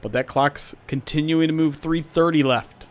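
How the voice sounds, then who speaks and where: A man's voice: a little high, steady tone, normal speed. A young man hosting a live stream, chatting casually with viewers and calling plays from a football game simulation. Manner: chatty, reads chat aloud, gets loud at big plays.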